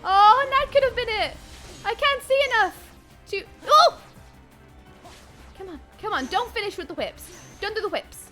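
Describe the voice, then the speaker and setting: A very high, animated woman's voice with a crisp, bright edge. She comments on her game live, muttering under her breath one moment and shrieking the next, with soft music under her mic. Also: unhurried. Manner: excitable, swings from muttering to shrieking; chatty, thanks chat viewers by name. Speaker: streamer.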